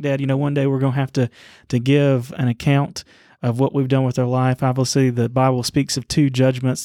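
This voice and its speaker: A man co-hosting a Bible study podcast, telling a story in an earnest, halting way. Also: medium pitch, warm tone, dry recording, clean studio sound. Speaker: podcast co-host.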